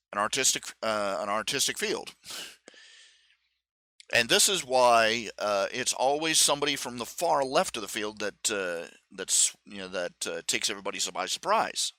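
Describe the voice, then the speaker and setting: Man hosting a casual stream, rambling with fillers and restarts, very bright lively voice, close dry sound. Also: mid-range voice, no room sound. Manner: rambling, with many fillers and restarts, acts out quotes. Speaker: live stream host. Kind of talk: casual solo commentary.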